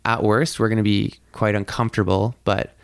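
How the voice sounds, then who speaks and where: A man's voice: lowish voice, level tone, brisk, gravelly, clean tone, no room sound. A man telling a long story in casual chat, rambling with lots of filler words and swearing freely. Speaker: podcast guest telling a story.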